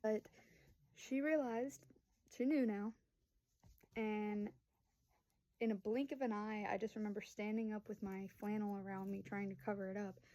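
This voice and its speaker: Chatty young woman, warm dry voice. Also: mid-range voice, fairly even intonation, normal speed, pauses often, no echo, rough recording. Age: 20s. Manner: rambling, chatty, lots of fillers; acts out voices of family in quotes. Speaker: vlogger and young mother. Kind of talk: casual storytelling to camera.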